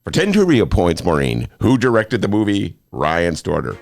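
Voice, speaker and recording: A man's voice: deep voice, huge pitch swings, moderate pace, vocal fry, a little mellow, no room sound, faint music behind. A man hosting a talk show in a studio, joking and self-mocking in a playful monologue. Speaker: host.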